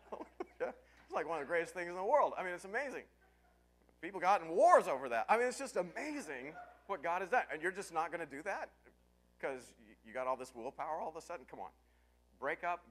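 A man preaching as a pastor, telling a story with lively swings from quiet asides to yelling. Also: fairly high pitch. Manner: storytelling, animated, breaks into yelling and laughter. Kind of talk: sermon.

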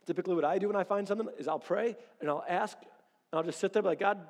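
A pastor in his thirties preaching a sermon in a casual, animated way, acting out little quoted exchanges. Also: high voice, fast talker. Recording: long reverb of a large hall.

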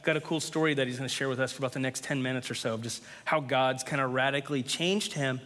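A man's voice: medium pitch, fairly even intonation, fast talker, a bit bright. A man preaching a sermon to a live congregation in an impassioned, emphatic way. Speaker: pastor. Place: church hall, live. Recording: long reverb of a church hall.

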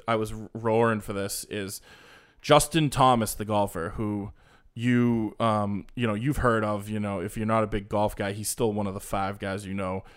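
A man co-hosting a casual sports podcast, rambling and animated, with restarts and mocking asides. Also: on the low side, clean tone. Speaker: podcast co-host.

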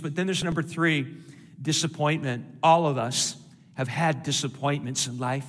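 A man's voice: fairly high pitch, steady tone, normal speed. A man preaching a sermon, emphatic, repeating key phrases and calling for responses. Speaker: pastor. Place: large church with balcony. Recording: long hall reverb.

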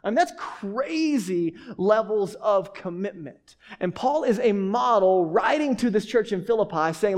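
A male pastor giving a sermon in an animated, conversational storytelling manner, dropping in frequent "like"s. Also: sits high, a little slow, few pauses.

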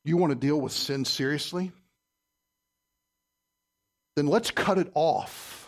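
A man preaching a sermon in church, quizzing his listeners and swinging between loud and soft. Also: sits high. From Southern United States. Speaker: pastor.

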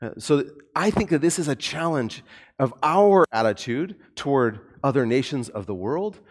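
Animated man preaching a sermon. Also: mid-range voice, normal speed. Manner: animated, conversational with light humor. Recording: long hall reverb.

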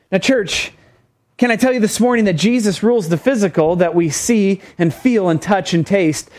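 Male pastor, high voice, emphatic, repetitive sermon delivery. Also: a little mellow. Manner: emphatic, repeats phrases and calls for amens.

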